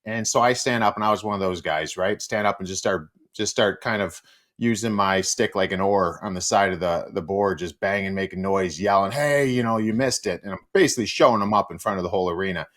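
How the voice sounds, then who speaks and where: Guy cohosting a chat show, ex hockey player, tells stories all lively and loose, swears a bit. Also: deep voice, a little fast. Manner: animated storyteller, swears freely, many fillers. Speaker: co-host, former hockey player. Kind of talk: casual storytelling chat.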